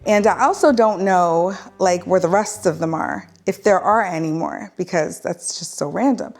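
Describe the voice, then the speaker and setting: A woman's voice: on the low side, measured pace, soft background music. A woman vlogger chatting casually through a home decor haul, rambling and correcting herself as she goes.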